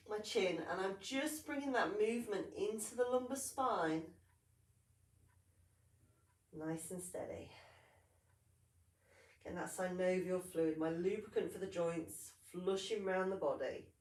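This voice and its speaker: A woman talks a Pilates class through each move in calm, steady cues, a little sniffly with hay fever. Her voice sits at a middling pitch. It is recorded from a distance, in a room that gives it a noticeable echo. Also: moderate pace. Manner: calm, steady cueing with brief apologies for sniffles and yawns. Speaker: Pilates instructor. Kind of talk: guided exercise class instruction. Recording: roomy sound, mic at a distance.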